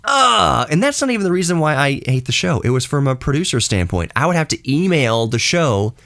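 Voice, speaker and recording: A podcast host in his late thirties rants in a casual, blunt and sarcastic way. His voice sits at an ordinary pitch but shoots up in disbelief and falls quiet for side remarks. The sound is dry and close, with no room echo. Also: fairly quick. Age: late 30s. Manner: animated, swoops up high in disbelief, drops low and quiet for asides. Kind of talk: casual ranting monologue.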